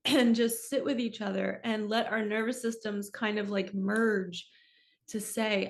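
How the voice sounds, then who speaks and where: A woman coach delivers a weekly spiritual energy reading in a heartfelt, confiding way. Her voice sits at an everyday middle pitch, and she speaks earnestly and openly, with an occasional soft laugh at herself. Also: steady tone, a little slow, gravelly.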